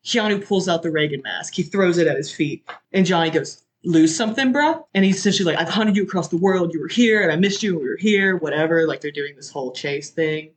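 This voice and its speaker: A podcast guest excitedly recapping a movie in casual chat, acting out the characters' lines with sudden loud jumps in pitch. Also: fast talker, hardly any pauses. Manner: excitable, acts out quotes with big pitch jumps.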